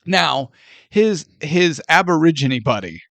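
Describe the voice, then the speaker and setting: Gravelly man chatting about films. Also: a little high, slow, no echo. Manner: animated, laughing, acts out quotes from scenes. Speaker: podcast co-host. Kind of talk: casual movie chat.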